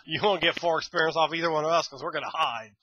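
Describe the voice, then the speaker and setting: A man's voice: fairly high pitch, quick pace, sharp tone, breathy edge, dull audio, pitched above the performer's own voice. A man voicing a gang of sneering little kobolds who cackle and taunt.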